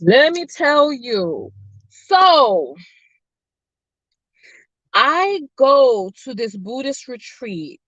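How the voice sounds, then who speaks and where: A chatty woman with a fairly high voice hosts a mukbang livestream, talking casually with viewers and drifting into stories. She is close to the mic, and the sound is dry and a little dull. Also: sing-song, drawn-out words, long pauses, fairly bright tone, no echo. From family from Nevis. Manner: chatty, storytelling, playful asides to chat. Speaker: mukbang host. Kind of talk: casual chat with live viewers.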